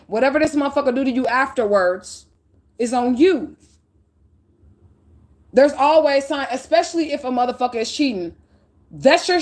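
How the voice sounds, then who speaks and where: A middle-aged woman giving a spiritual reading, preaching bluntly and profanely with heavy emphasis. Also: high voice. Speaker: spiritual reader.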